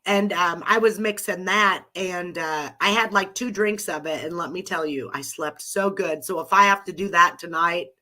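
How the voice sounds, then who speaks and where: She has a lowish, pushed, bright voice and speaks at a normal speed with few pauses. A middle-aged woman with a cold, she runs a live audio room, chatting loosely with listeners and laughing often.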